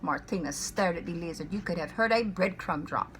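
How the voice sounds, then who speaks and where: A woman reading a children's picture book aloud in an expressive, playful way. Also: lowish voice, normal speed, hardly any pauses, husky. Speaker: storyteller.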